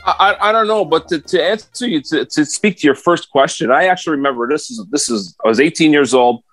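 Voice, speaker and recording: A man's voice: on the high side, brisk, a bit bright, dry recording, soft background music. A middle-aged man co-hosting a podcast, telling stories in a casual chat and often stammering and repeating words. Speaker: podcast co-host.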